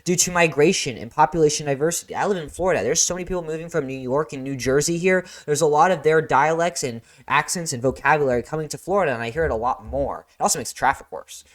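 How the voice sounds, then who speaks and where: A geography teacher walking through exam answers, reading each prompt and then explaining it with casual asides. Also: medium pitch. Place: lives in Florida.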